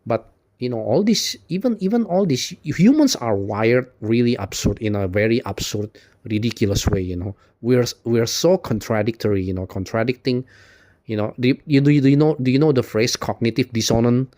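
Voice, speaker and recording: A man with a medium-pitched, dark voice, speaking a little fast, gives an unscripted philosophical monologue as a video host. He rambles with constant "you know"s and restarts, laughs between points, and swears out of frustration before apologizing.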